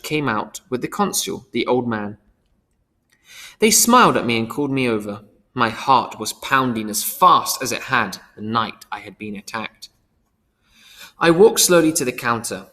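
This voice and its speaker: A man reading a first-person audiobook, earnest and expressive. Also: mid-range voice. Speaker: audiobook reader. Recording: long hall reverb.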